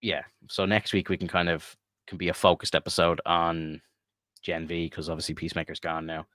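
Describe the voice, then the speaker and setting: A young man with a lowish voice chats loosely on a podcast. He swears often, rambles through long "like"-filled riffs and keeps breaking into laughter. The recording is dry and close, with no room sound. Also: little pitch movement, brisk, a bit bright, no room sound. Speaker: podcast co-host. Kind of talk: casual chat.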